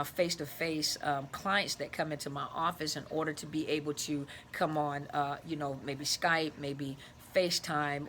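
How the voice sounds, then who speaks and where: A woman's voice: deep voice, fairly bright tone, a little hiss or hum. A middle-aged woman, a therapist and life coach, explaining her work in an earnest, searching way as an interview guest. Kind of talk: casual interview talk.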